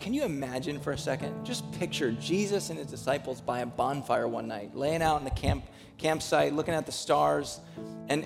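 Man, pastor, sermon, gravelly voice, long hall reverb, music behind. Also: on the high side. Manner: storytelling, building to loud passionate preaching. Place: church sanctuary.

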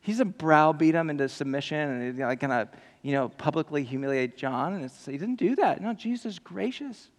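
Gravelly preacher with an animated, jokey delivery. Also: male voice, fairly high pitch, brisk. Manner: animated, jokey storytelling that shifts to earnest appeals. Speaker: pastor. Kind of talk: sermon. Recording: long hall reverb.

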